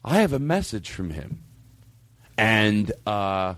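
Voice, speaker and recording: Male comedy podcast host, giggly, lively swinging pitch. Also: takes it slowly, no room sound. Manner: giggly, excitable, swings loud and quiet. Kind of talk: loose comedic banter.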